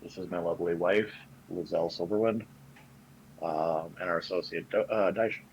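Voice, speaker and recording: Male player as courteous nobleman, low voice, formal manners. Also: steady tone, normal speed, lo-fi sound, a little hiss or hum, close to an everyday voice. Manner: formal, polite. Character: courteous nobleman introducing his wife.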